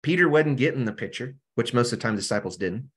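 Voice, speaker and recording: A man's voice: medium pitch, expressive, fast, fairly bright tone, breathy edge. A man teaching a Bible study over a video call. He talks casually and keeps checking in with "right?".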